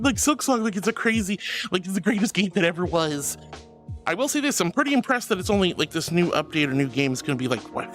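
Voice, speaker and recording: Woman streamer, casual chat, bubbly and giggly, very animated pitch, soft music underneath. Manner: bubbly, giggly and emotional, greeting chatters warmly.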